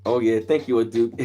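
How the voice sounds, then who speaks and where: This livestream host is a man with a mellow, mid-range voice, broadcasting casually from where he lives in Maryland. His stories wander along in a relaxed way, broken up by hellos to viewers.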